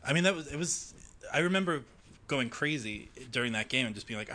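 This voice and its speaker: Bright-voiced, eager male podcast guest. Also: medium pitch, lively intonation, brisk. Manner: eager, enthusiastic recollection. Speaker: podcast guest, sports fan. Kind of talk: casual chat.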